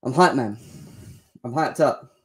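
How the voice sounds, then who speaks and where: Hyped young football fan host. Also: male voice, medium pitch, unhurried. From England. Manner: excitable, shouting, joking, slangy. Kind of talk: live fan show reaction.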